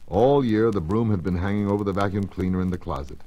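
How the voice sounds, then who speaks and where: A man narrating children's stories on a storybook record, in an expressive, measured storytelling manner. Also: deep voice, rough recording.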